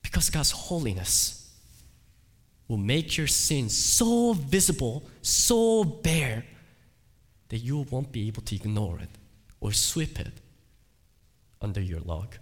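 A male pastor preaching a sermon, emphatic, repeating his phrases and swinging between loud cries and quiet asides. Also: mid-range voice, sing-song, slow, long pauses. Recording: long hall reverb.

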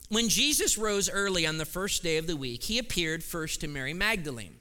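A man, a pastor, preaching a sermon with scripture reading and prayer, building to loud, emphatic repeated phrases in a church. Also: on the high side, lively intonation, moderate pace. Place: church sanctuary. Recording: long reverb of a large hall.

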